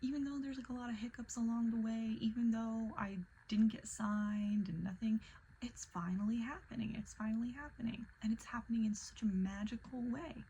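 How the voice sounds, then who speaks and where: Animated young woman with vocal fry. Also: a little high, fairly quick, highs cut off, a little hiss or hum. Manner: animated, filler-heavy, drops to breathy whispers. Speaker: vlogger. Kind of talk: casual storytelling.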